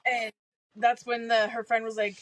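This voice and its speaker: A woman with a somewhat high voice chats casually as a podcast co-host, laughing often between remarks. The recording is dry and close. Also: flat delivery, moderate pace, fairly bright tone, no echo. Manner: laughing, chatty commentary. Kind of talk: casual chat, book discussion.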